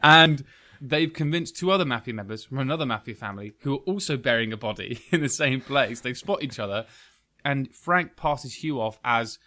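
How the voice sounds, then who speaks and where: A man's voice: medium pitch, expressive, moderate pace, bright, forceful tone. A British man hosting a podcast, chatting enthusiastically about a film and laughing often. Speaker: podcast host. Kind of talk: casual film chat.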